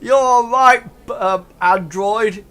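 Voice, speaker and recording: A man's voice: high voice, slow pace, fairly bright tone, clear, resonant tone, pitched above the performer's own voice. A man voicing a rowdy gang of crude, mocking ruffians in a tabletop game. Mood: jeering.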